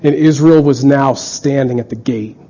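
A man's voice: mid-range voice, normal speed, mellow. A man preaching a sermon in an earnest way, acting out the lines of the people in his stories. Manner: earnest, acts out quoted dialogue. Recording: dull lo-fi recording.

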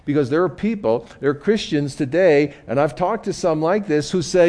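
A man's voice: a little high, normal speed, few pauses, darkish tone. A man preaching a sermon as pastor in a conversational way, often repeating words as he restarts.

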